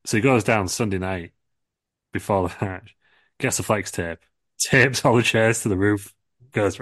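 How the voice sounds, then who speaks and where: Young man, co-host, rambling comic storyteller, lowish dry voice. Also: normal speed, a bit bright, no room sound. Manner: rambling, restarts, swearing. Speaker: podcast co-host. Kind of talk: comedic storytelling.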